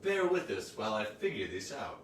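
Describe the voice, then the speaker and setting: A man co-hosting a home cooking show, talking in a lively, jokey way. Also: on the low side, brisk, a little hiss or hum. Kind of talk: casual chat. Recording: echoey room from far off.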